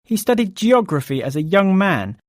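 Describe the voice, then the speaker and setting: A man who works as a photographer, calmly and reflectively describing his project in a recorded clip. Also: high-pitched, normal speed, dry recording. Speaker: photographer interviewee.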